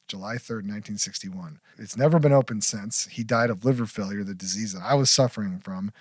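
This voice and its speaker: A middle-aged man, a podcast guest, telling a personal story frankly with blunt swearing, his voice dropping very low at the heaviest parts. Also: no room sound, clean studio sound. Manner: frank, profane, drops to near-whisper at heavy moments. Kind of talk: candid storytelling interview.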